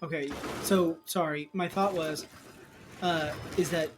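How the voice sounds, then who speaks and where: A woman's voice: deep voice, fairly even intonation, a little slow, heavy background noise. A woman streaming a co-op game, chatting casually, laughing often and directing her partner through puzzles. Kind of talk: casual gameplay chat.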